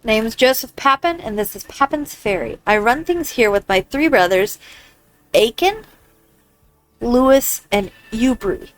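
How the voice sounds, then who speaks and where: A woman's voice: on the high side, lively intonation, a little slow, soft background music, low-quality recording. A woman reading the lines of a male frontier ferryman in a video game, trying a put-on accent. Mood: matter-of-fact. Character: male ferryman, frontier river-crossing operator.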